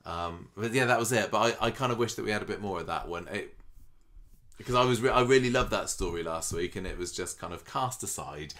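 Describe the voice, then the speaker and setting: A man's voice: lowish voice, brisk, fairly bright tone. A man co-hosting a podcast, chatting about a soap opera with wry, jokey asides. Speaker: podcast co-host. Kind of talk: casual chat reviewing a soap.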